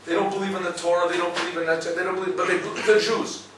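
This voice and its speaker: A man giving a lively Torah class, telling stories and checking with listeners as he goes. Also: sits high, fast, very echoey, distant mic, background noise. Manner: storytelling, lively, asks listeners "right?". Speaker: rabbi teaching a class.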